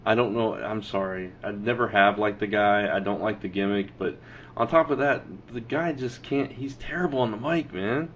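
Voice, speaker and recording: A young man from Texas co-hosting a wrestling podcast, chatting casually with a relaxed, easy laugh. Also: fairly low pitch, normal speed, dull audio, a little hiss or hum. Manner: relaxed, laughs easily, hedging restarts. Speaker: podcast co-host.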